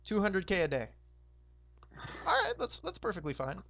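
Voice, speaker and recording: Hoarse young man rambling through a game recap. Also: high voice, huge pitch swings, normal speed, pushed and bright, no echo, lo-fi sound. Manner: rambling, laid-back, many fillers and restarts. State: hoarse, sore throat. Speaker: roleplay game host. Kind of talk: casual game recap over voice chat.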